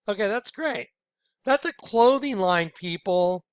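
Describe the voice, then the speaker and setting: A man's voice: sits high, animated, unhurried, smooth, dry recording. Urgent preachy man with a dry voice. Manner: urgent, preachy, jumps between loud and hushed. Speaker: video host. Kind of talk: conspiratorial commentary on images.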